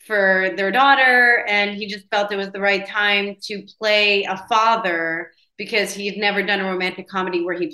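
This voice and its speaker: A woman hosting a casual entertainment chat, talking in a chatty, gushing way with quick asides. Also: medium pitch, sharp tone, roomy sound, low-quality recording. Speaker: entertainment host.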